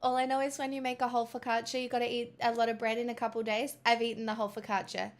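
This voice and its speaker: An Australian woman vlogs casually to camera, talking rapid-fire in a slightly high voice with little pitch movement. She's chatty, swears freely and breaks into mock-dramatic outbursts.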